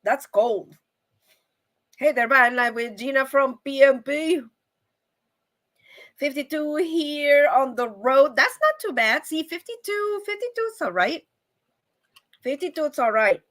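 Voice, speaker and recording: A woman's voice: high-pitched, slow, pauses often, a bit bright. A bubbly, effusive woman hosting a casual live stream and chatting with viewers. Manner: bubbly and effusive, with frequent laughs. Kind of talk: casual live chat reading viewer comments.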